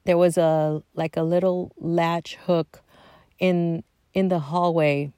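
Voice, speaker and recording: Speaking slowly in a smooth, lowish voice with no room sound, a middle-aged woman shares a family story. She's animated and chatty, performing the quotes and dropping into quiet asides.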